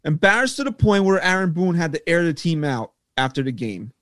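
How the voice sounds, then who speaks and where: A man's voice: a little high, animated, fairly quick, fairly bright tone, dry recording, studio quality. A man in his forties co-hosting a sports podcast, talking in a blunt, exasperated and profane way. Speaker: podcast co-host. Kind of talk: casual sports chat.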